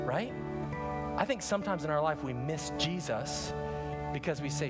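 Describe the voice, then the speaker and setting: Animated high-voiced male pastor preaching. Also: a little fast, big-room sound, loud music behind the voice. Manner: animated, conversational preaching with rhetorical questions. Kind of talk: sermon. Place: church sanctuary.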